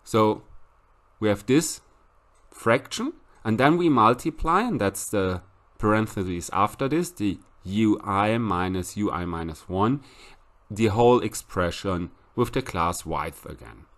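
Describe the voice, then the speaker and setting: Male professor, fairly low and expressive, walks through sums methodically. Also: a little slow. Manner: explains step by step, reads out calculations. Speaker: statistics lecturer. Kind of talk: recorded lecture.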